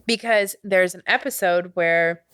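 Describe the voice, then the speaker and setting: A young woman hosting a podcast in casual chat, lively and quick to act out quotes in little voices. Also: lowish voice, clean tone. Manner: animated, quotes lines in put-on voices. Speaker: podcast host.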